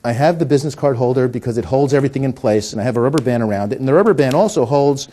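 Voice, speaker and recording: A middle-aged man with a warm, medium-pitched voice races through jokey, pun-filled patter while performing coin magic. He then explains the trick, often stammering and restarting his words as he teaches.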